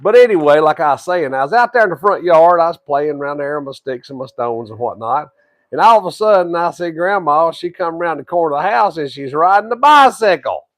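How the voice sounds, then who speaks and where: A man's voice: on the high side, brisk, no echo. Folksy grandpa in his sixties. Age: 60s. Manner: drawling, rambling tall tale with a deadpan punchline. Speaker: co-host, grandfather. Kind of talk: folksy storytelling and casual wrestling chat.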